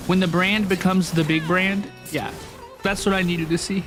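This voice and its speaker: A man's voice: high-pitched, steady tone, moderate pace, over music. A young man streaming a video game, chatting playfully with his viewers and often repeating his phrases. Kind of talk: casual live-stream chat while gaming.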